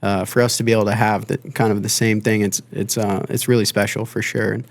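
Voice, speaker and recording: Low-voiced rambling musician, dry close sound. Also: male voice, flat delivery, fast, creaky, no echo. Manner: rambling, with many fillers and restarts. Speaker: band member and guest. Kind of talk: casual podcast conversation. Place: podcast studio.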